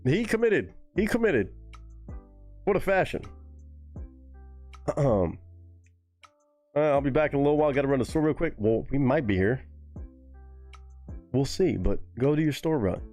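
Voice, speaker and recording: A young man in casual streaming mode, his mid-pitched voice swinging lively up and down as he reacts. He swears often and reads out chat. Soft music plays underneath. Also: moderate pace, long pauses. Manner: animated, profane, reads chat aloud. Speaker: live-stream reaction host. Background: faint music playing.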